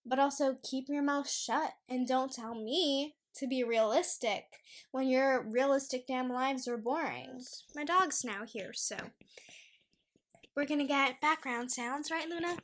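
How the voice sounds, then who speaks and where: A woman's voice: sits high, a little slow, a bit bright, a little hiss or hum. A young woman hosting a casual solo podcast, ranting in an exasperated, emphatic way. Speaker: podcast host.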